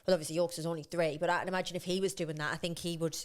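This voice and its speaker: A woman's voice: fairly low pitch, level tone, racing. A woman co-hosting a podcast, listening with short supportive replies and asking questions in casual chat. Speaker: podcast co-host.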